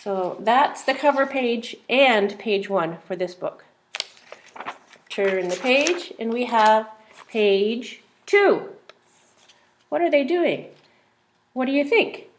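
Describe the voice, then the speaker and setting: A woman's voice: a little high, animated, slow, long pauses, a little hiss or hum. A woman teacher reading a simple phonics book aloud to young children, sounding out words and asking questions.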